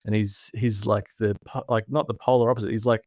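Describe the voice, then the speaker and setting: A man's voice: on the low side, fairly even intonation, a little fast, darkish tone, no echo, studio quality. A man in his thirties with an Australian accent, a podcast guest chatting casually and laughing easily. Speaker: podcast guest, branding specialist. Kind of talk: casual conversational interview.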